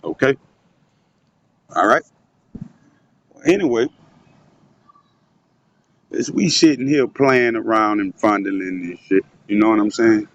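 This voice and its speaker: A man's voice: fairly low pitch, slow, pauses often. Man ranting conspiratorially into his phone. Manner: profane, conspiratorial, keeps addressing viewers. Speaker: vlogger. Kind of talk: rambling monologue to viewers. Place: public spot, moved somewhere quieter. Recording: dull lo-fi phone audio with faint noise.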